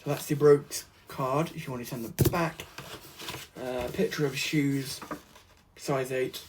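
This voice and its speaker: Guy unboxing stuff, chatty and rambly, gets excited, bit of noise in the background. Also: medium pitch, unhurried. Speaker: vlogger. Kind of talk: casual unboxing vlog.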